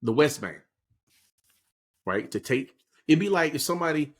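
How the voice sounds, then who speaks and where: With a fairly high, animated voice at normal speed, a male podcast co-host walks through the news casually. The talk is an informal political chat, and he keeps checking in by asking "right?"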